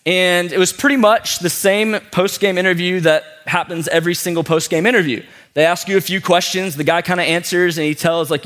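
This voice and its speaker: A man's voice: sits high, a little fast, few pauses. A young man from St. Louis giving a casual, joking sermon to a live crowd, telling stories with lots of fillers. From St. Louis, USA. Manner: chatty, joking storyteller with many fillers; playful, animated quoted voices.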